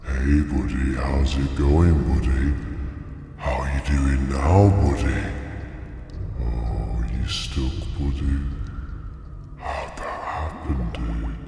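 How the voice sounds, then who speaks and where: A crooning alien chorus. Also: male voice, extremely low pitch, fairly even intonation, drawn-out words, over music, voice pushed down, heavily acted. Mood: mocking. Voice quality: distorted, distant, smooth radio DJ croon. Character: chorus of cold alien voices, mocking and falsely warm. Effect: distorted, echoing processing.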